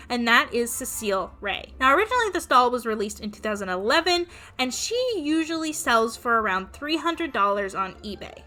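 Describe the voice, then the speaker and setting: A woman's voice: a little high, bright, forceful tone. A young woman hosting her own vlog, chatting to viewers in an upbeat, casual way. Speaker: doll collecting channel host.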